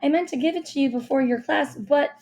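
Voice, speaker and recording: A woman voicing a hurried, upbeat mother who speaks brightly and with emphasis. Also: sits high. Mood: urgent.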